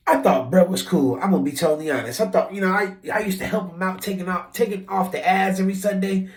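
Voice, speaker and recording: A man with a slightly high voice tells a story in a loose, animated way, swearing freely and acting out the lines of the people in it. His voice rings around a bare, echoey room. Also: fast, few pauses. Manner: animated, profane, acts out quotes with shifting voice. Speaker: vlogger telling a work story. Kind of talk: casual storytelling monologue.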